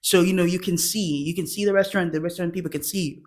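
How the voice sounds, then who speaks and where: A woman's voice: fairly low pitch, fairly even intonation, very fast, darkish tone. A young woman hosting a comedy show, telling childhood stories with frequent giggles. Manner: giggles often while telling stories, acts out quotes. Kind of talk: laughing personal storytelling.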